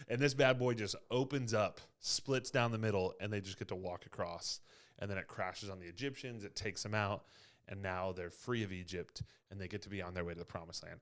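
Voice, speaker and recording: Low-voiced man teaching Bible story. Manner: animated storyteller, acts out quotes. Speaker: youth ministry leader. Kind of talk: casual Bible teaching chat.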